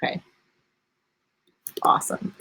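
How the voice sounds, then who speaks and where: A woman leads a live online singing lesson in a bright, clear voice. She keeps things upbeat, laughs often and breaks into sung demonstration notes as she explains. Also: takes it slowly. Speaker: singing teacher.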